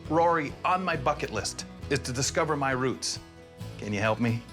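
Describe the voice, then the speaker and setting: A man hosting a comedy TV segment with a wry, deadpan delivery and a lively, swinging pitch. Bagpipe music plays clearly behind his voice. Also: moderate pace. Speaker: host.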